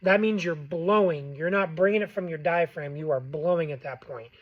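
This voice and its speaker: A man's voice: on the high side, moderate pace, lo-fi sound. A man hosting a casual how-to tutorial, plain-spoken with frequent ums and okays. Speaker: game call maker and tutorial host.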